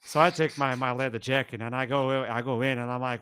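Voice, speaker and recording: A young man with a Portuguese accent, an esports caster guesting on a podcast, telling an animated story with laughs and sudden shouts. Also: medium pitch, brisk, clear, resonant tone, no echo, studio quality. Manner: animated, acts out scenes, laughs often, bursts into shouts.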